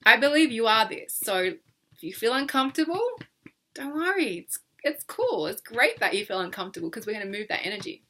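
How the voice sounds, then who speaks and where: A woman's voice: on the high side, big pitch swings, brisk, fairly bright tone, a little hiss or hum. A young woman leading a guided tapping session in a playful, coaxing way, laughing often and exaggerating her words. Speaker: EFT tapping coach.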